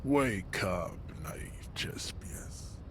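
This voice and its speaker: A man's voice: low-pitched, animated, extremely slow, a bit bright, in a whisper, exaggerated voice. A man voicing a towering, racist pseudo-scientist bouncer in a game, lecturing with grandiose contempt. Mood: pompous. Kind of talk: game voice acting. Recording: game audio under music.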